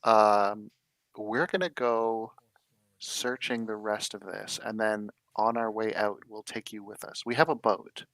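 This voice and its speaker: A man's voice: fairly low pitch, fairly even intonation, a little slow, a bit bright, no echo. A man playing a tabletop game, questioning a character with hesitant fillers. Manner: hesitant, many "um"s. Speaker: player. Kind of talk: tabletop game role-play.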